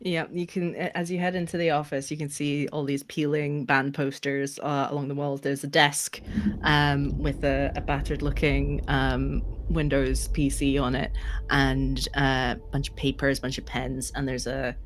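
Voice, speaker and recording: A woman narrating a tabletop game as game master, pausing often with fillers. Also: extremely low pitch, flat delivery, a little hiss or hum. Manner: hesitant, filler-heavy narration.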